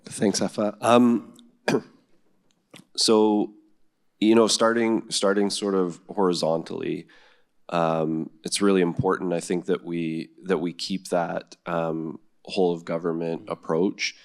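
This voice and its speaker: A man who is a government science official answering on a panel, halting and full of ums and restarts. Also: low voice, level tone.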